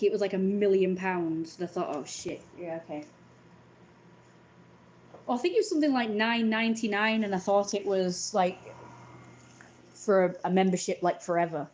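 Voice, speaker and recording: A woman's voice: medium pitch, darkish tone, a little hiss or hum, rough recording. A woman in her thirties in a casual, sweary vlog rant, wry and self-mocking and often laughing. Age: 30s.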